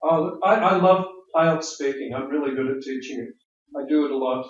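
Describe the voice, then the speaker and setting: English examiner in a roomy classroom. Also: male voice, fairly high pitch, brisk. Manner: friendly, chatty, explanatory, repeats words. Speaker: IELTS speaking examiner giving feedback. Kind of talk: spoken feedback after mock test. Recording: roomy, distant, dull classroom audio.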